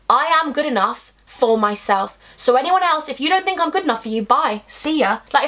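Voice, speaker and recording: A young woman in her twenties talks straight to camera in a heartfelt advice vlog. Her voice sits high, and she sounds earnest and openly emotional, speaking to her viewers with warm affection. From England. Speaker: YouTuber.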